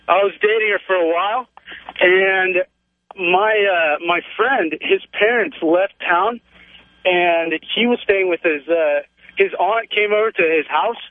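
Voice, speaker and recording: A young man calling in to a talk show, telling a story in a rambling, excited way, full of "man" and "like". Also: sits high. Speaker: caller. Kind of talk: phone-in storytelling. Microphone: telephone. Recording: tinny phone line, dry.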